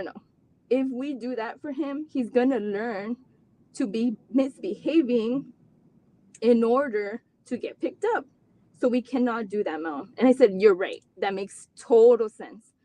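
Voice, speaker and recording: A woman's voice: fairly high pitch, a little slow, dark tone. A woman telling a personal story as a guest mother, chatty and earnest, acting out quoted dialogue with many fillers and restarts. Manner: earnest, close to tears at times. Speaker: autism mom guest. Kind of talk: personal story, casual talk.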